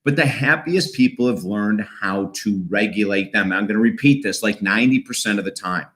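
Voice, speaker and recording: A middle-aged man, a counselor and self-help host, talking straight to his audience in an earnest, coaching way and often checking in with a quick "right?". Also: on the low side, a bit bright. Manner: earnest, coaching, repeats key points with rhetorical "right?". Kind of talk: direct-to-camera advice talk.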